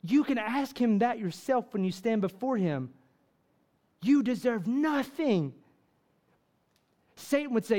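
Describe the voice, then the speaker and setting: A man's voice: extremely high pitch, expressive, takes it slowly, pauses often, dark tone. A man preaching a fervent sermon to a church congregation, full of rhetorical questions and repeated "right?" asides. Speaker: pastor.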